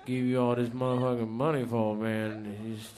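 A man voicing a gruff, down-and-out male stand-up comic with a very deep, mumbling, profane drawl. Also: little pitch movement, normal speed, a little mellow, slight background noise, natural voice. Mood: weary grumbling. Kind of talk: stand-up impression.

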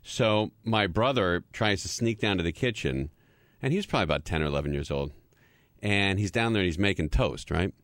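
A man co-hosting a live call-in radio show, telling stories with lively acted-out voices. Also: low voice, fairly quick, no echo, studio quality. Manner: lively storyteller, acts out the people in his stories. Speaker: radio co-host.

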